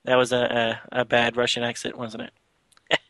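A man's voice: mid-range voice, monotone, normal speed, sharp tone, dry recording. A man hosting a podcast, casually retelling a comic book story with lots of filler words. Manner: chatty, loose retelling with frequent filler words. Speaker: podcast host.

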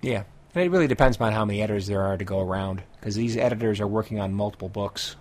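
A man co-hosting a podcast, reading a steady story recap and then chatting with a few fillers. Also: fairly low pitch, very fast. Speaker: podcast co-host summarizing comics. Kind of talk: recap narration and casual chat.

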